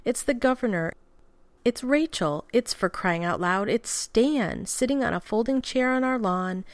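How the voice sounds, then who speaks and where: A woman's voice: medium pitch, expressive, moderate pace, no room sound, voice pushed up, close to an everyday voice. A woman reading fan fiction aloud, voicing a nervous, exasperated male groom who whines and swears. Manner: whiny, profane, flustered outbursts.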